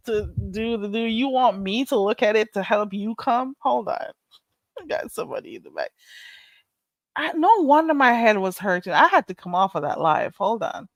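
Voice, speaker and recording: A woman's voice: on the high side, no room sound. A woman hosting a casual livestream, talking bluntly and animatedly with bursts of laughter. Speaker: livestream host.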